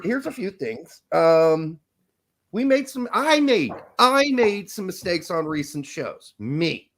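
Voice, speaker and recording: A man's voice: on the high side, gravelly, a bit bright. A young man hosting a podcast, rambling energetically and joking with frequent laughs. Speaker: podcast host. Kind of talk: casual chat.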